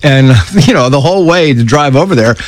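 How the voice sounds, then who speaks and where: A man's voice: on the high side, a little fast, no room sound. A man telling personal stories in a casual conversation, acting out the voices of people he quotes. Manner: animated storyteller who acts out quoted voices.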